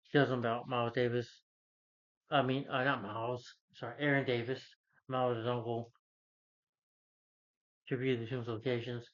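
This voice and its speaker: A man talks through a film's plot in a loose, rambling way, often stopping to correct names. His voice sits at an ordinary middle pitch. The recording is dull and slightly lo-fi. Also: little pitch movement, moderate pace, pauses often. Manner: rambling, self-correcting, retells scenes with "he's like" quotes. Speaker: film reviewer. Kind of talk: casual spoken film recap.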